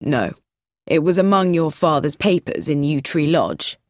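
A woman's voice: low voice, animated, measured pace, no echo, clean studio sound. A woman voicing a brash, cheerful younger brother who talks in a breezy, mocking way.

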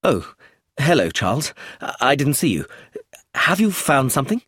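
A man's voice: mid-range voice, sing-song, a little slow, a bit bright, slightly rough, no echo, studio quality, voice pushed up, exaggerated voice. Man voicing a flustered, anxious businessman. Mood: eager, confused. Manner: eager, anxious and pleading. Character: flustered, clumsy middle-aged businessman.

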